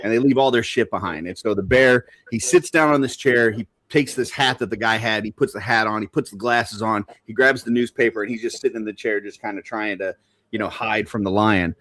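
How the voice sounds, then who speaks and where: Male podcast host, low voice, loose rambling storyteller, dry sound. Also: fairly quick, no room sound. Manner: rambling joke-teller, laughs loudly. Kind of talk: casual podcast chat.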